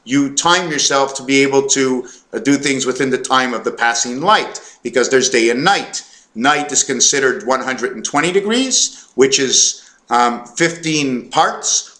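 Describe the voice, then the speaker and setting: A man's voice: mid-range voice, pushed and bright. A man talking to camera in a rambling monologue, stumbling over his words, correcting himself and reeling off long strings of numbers. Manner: hesitant, stumbling, full of fillers and self-corrections; fast, run-on counting and reciting of numbers. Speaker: vlogger.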